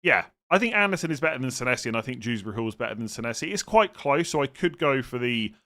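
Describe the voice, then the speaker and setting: Speaking quickly in a mid-range, sing-song voice that sounds pushed and bright, a fantasy football streamer answers his chat. He muses aloud in a casual way, frequently hesitating and sometimes getting exasperated.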